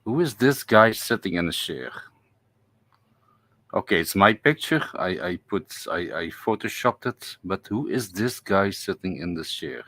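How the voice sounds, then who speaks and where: A man hosting a casual live stream from home, talking haltingly with lots of repeated words and chuckles. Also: low voice, expressive, fairly bright tone, dry recording.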